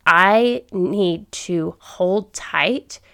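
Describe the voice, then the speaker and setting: A woman's voice: fairly low pitch, very slow, creaky, sharp tone. A woman hosting a faith podcast, talking chatty and enthusiastic, thinking aloud as she goes. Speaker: podcast host. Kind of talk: casual faith podcast talk.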